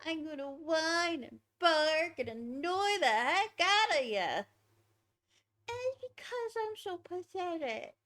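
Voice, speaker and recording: A woman's voice: very high-pitched, very animated, takes it slowly, fairly bright tone, exaggerated voice. A woman playing a whiny, pathetic mother dog. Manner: self-mocking, whiny. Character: whining, barking female dog, proudly pathetic.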